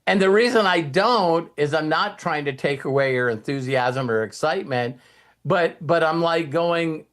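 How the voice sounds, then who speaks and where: Male host with a slightly high voice, rambling and animated casual motivational talk. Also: moderate pace. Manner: rambling, animated, often acts out quoted people.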